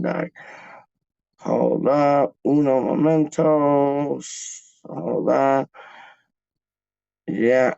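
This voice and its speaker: Casual guy bantering with chat, gravelly, dry dull lo-fi sound. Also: mid-range voice, a little mellow, no echo. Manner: laid-back slangy banter, repeats phrases. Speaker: livestream host reading chat.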